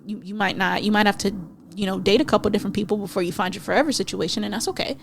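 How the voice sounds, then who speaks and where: A woman's voice: medium pitch, rapid-fire, vocal fry, a little hiss or hum. A woman hosting a solo podcast, ranting bluntly and with profanity, slipping into mocking voices to make her points. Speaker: podcast host. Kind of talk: casual solo rant.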